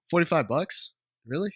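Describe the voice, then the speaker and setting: A man's voice: fairly high pitch, breathy edge, no room sound, studio quality. A man co-hosting a gaming podcast in casual, joking chat, often laughing. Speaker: podcast co-host.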